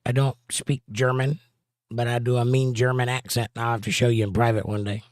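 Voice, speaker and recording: A man's voice: mid-range voice, level tone, fairly quick, no echo, clean studio sound. A man hosting a casual livestream, greeting viewers by name and reading their chat messages aloud, with playful rhyming jokes.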